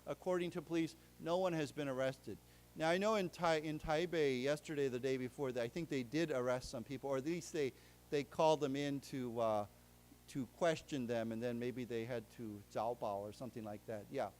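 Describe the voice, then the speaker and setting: An American man giving a live English lesson in a library lecture room, explaining words slowly with many fillers and restarts. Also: mid-range voice, steady tone, darkish tone. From United States. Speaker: English teacher.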